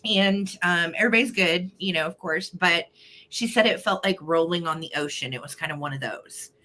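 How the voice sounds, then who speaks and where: A woman's voice: fairly low pitch, normal speed, sharp tone. A woman hosting a live online vintage sale in casual chat, bubbly and greeting viewers by name.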